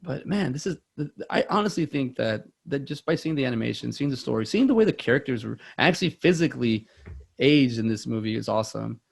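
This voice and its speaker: A man's voice: medium pitch, animated, brisk, creaky, breathy edge. A man hosting a movie podcast in casual, rambling chat, self-deprecating with many restarts. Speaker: podcast host.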